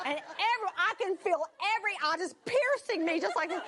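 A woman preaching through a personal story, animated, swinging from exclamations to hushed whispers. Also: very high voice, fast talker, hardly any pauses, a crowd in the background, noisy background. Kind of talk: sermon storytelling.

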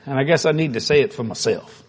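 A man's voice: mid-range voice, quick pace, slight background noise. A man preaching a humorous sermon in a large auditorium, telling a folksy story and laughing through his words. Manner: animated, often laughing mid-sentence, folksy. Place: large auditorium before thousands.

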